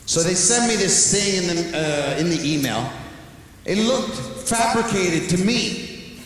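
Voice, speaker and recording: Performing stand-up in an echoey arena with a long reverb tail, a man from Canada acts out both halves of conversations with animation as he tells a story. His high, expressive voice moves at an unhurried pace.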